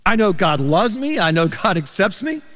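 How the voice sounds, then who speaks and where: A pastor preaching a sermon, telling stories with animated, emphatic delivery. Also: male voice, high-pitched, moderate pace. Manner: animated storytelling, rising to emphatic peaks. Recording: reverberant church hall.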